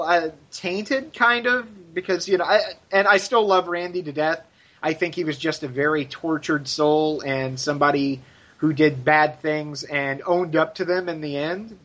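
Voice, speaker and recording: A man's voice: fairly high pitch, fairly even intonation, normal speed, a bit bright, lo-fi sound. A man co-hosting a podcast in casual chat, effusive and gushing, swearing freely. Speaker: podcast co-host.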